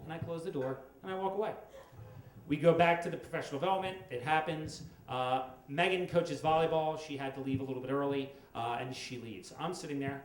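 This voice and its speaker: A middle-aged man telling a comic story on stage at a storytelling event, wry and with dramatic pauses. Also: on the high side. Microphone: stage microphone. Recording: echoey live room with faint noise.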